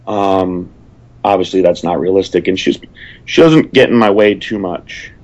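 A man with a very low voice talks plainly and sternly in a casual chat, hesitating with fillers along the way. The audio is dull and lo-fi. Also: moderate pace, darkish tone. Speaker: guest.

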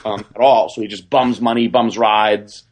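A young man telling a story on a podcast in a rambling, excited way, full of fillers and restarts. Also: fairly low pitch, moderate pace. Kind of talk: casual storytelling.

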